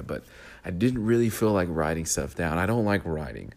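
Hosting a solo podcast, a man with a very low, deep voice and vocal fry speaks his mind reflectively, working through his thoughts at a brisk, steady rhythm.

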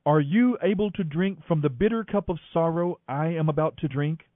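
A man reading aloud, voicing a calm teacher who speaks in a measured, earnest way. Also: fairly high pitch, no echo, natural voice. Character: calm adult male teacher, patient and firm. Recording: dry, thin phone-like audio.

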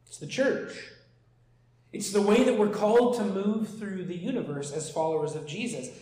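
High-voiced Canadian man preaching in an echoey church. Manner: conversational preaching with asides and slowed scripture reading. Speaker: pastor. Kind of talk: sermon. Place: church hall.

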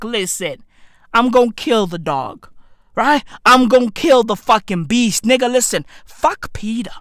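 A woman rants in a high, wildly swinging voice, bragging and cursing while she calls her listeners bruv. She talks slowly and deliberately, and the close recording is dry with no room sound. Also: lively intonation, dry recording. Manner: boastful, slangy, shouty and laughing, calls listeners bruv. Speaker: comedic podcaster. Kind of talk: profane comedic rant monologue. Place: at home, neighbor's dog nearby.

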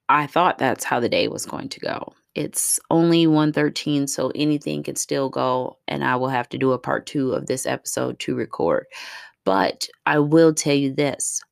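A woman's voice: rumbling low, vocal fry, no echo, studio quality. A woman, a mother, venting in a casual vlog, blunt and profane, rambling with lots of fillers. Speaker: mother vlogging about her day.

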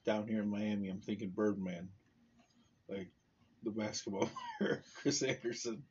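A man co-hosting a casual podcast, teasing and laughing often, with a husky voice. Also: fairly low pitch, big pitch swings, measured pace, darkish tone, slight background noise. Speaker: podcast co-host. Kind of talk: explicit casual chat. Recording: dull lo-fi recording.

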